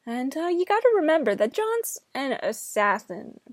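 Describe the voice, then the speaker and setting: A woman's voice: high voice, big pitch swings, normal speed, dry recording, clean studio sound. A woman in her twenties from New Jersey, giving a casual, rambling film review with chatty asides.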